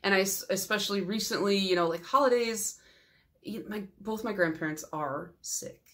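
A woman's voice: mid-range voice, normal speed. A young adult woman vlogging about her nail polish collection in a casual, rambling chat full of fillers and sentimental asides. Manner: chatty and rambling, many fillers; warm, sentimental storytelling.

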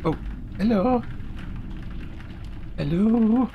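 Nervous gravelly man streaming a horror game. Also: high-pitched, expressive, extremely slow, highs cut off. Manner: nervous, calling out to ghosts, chatty. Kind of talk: horror game let's play. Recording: noisy stream audio.

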